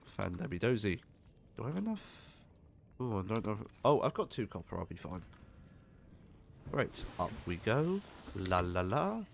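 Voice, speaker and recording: A man chats through his game in a casual, joking way, swearing when things go wrong. His voice sits on the low side. A faint hiss runs behind him. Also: sing-song, moderate pace, gravelly. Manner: chatty, jokey, swears when startled. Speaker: gaming streamer. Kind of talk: casual gameplay commentary.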